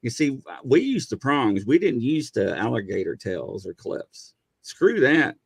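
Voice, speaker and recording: A middle-aged man and former police officer telling stories in a casual chat, acting out quotes in high voices. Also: measured pace, gravelly, husky, no room sound. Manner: animated storyteller, acts out quotes in high voices.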